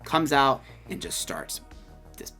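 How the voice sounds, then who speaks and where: A man's voice: mid-range voice, slow, vocal fry, faint music behind. A man reviewing a haunted house in casual chat, telling it animatedly with lots of fillers. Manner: animated storytelling, many fillers.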